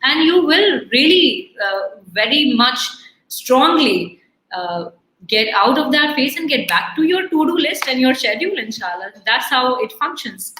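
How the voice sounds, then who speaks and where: A woman guest speaker answering questions in a live online talk, earnest and halting, with many fillers and restarts. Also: sits high, very animated, bright, forceful tone, roomy sound, a little hiss or hum, low-quality recording. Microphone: online video call.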